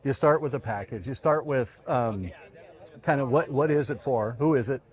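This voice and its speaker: In an interview, a car design director with a mid-range voice speaks casually. He halts and repeats words and tosses in joking asides.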